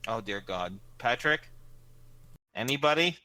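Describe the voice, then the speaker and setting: Bright-voiced man game master. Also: medium pitch, expressive, measured pace, no room sound, poor audio. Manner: chatty, laughs easily. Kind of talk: narrating a tabletop game.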